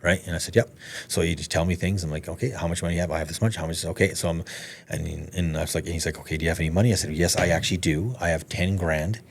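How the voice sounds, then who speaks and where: A man, a podcast guest, telling a story in casual conversation, animated, swearing freely and acting out the dialogue. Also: low voice, racing, gravelly.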